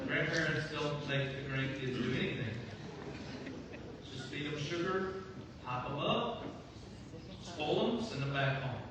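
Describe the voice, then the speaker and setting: Male pastor, high voice, lively storytelling sermon; distant mic in a reverberant church hall with background noise. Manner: lively storytelling with repeated phrases. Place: church sanctuary. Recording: echoey hall from far off, noisy.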